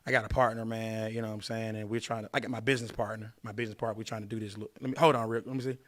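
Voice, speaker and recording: A man's voice: lowish voice, little pitch movement, rapid-fire, lightly acted. A man playing a bragging guy glued to his phone. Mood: distracted. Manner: boastful, distracted, snaps loudly at a caller. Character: young man distracted by his phone on a date.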